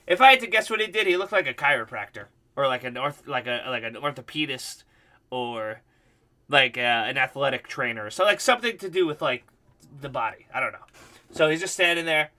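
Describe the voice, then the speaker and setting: A man's voice: mid-range voice, normal speed, sharp tone. A male livestream host telling a rambling, profane story in casual chat.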